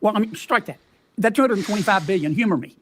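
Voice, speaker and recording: High-voiced man asking leading questions. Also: expressive, slight background noise. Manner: leading questions, folksy, halting. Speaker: questioner at a hearing. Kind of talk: formal hearing questioning.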